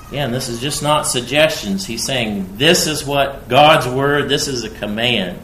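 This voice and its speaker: A man delivers an expository sermon at a slow, deliberate pace, and his voice rises with emphasis on quoted verses. His tone is bright and forceful. The sound is roomy and echoing, with a faint ambient hum behind it. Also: mid-range voice. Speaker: preacher. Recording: echoey room.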